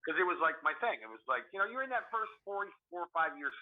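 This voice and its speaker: Male comedian co-host, rapid profane storyteller, phone-quality audio. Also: fairly high pitch, very animated. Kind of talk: casual chat. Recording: tinny phone-line sound.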